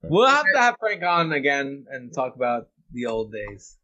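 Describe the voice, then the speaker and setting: A man's voice: medium pitch, big pitch swings, moderate pace, sharp tone, dull audio. A man hosting a podcast over a video call, joking and swearing freely in loose casual chat. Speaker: podcast host.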